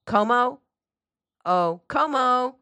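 A woman's voice: on the low side, measured pace, no echo. A woman playing a bossy, scolding aunt. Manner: sharp, scolding commands. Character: bossy middle-aged aunt, harsh and impatient.

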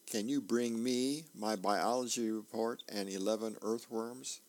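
A man's voice: fairly low pitch, unhurried, slight background noise, pitched above the performer's own voice. A man voicing a careless teenage boy with a casual, offhand way of asking for things.

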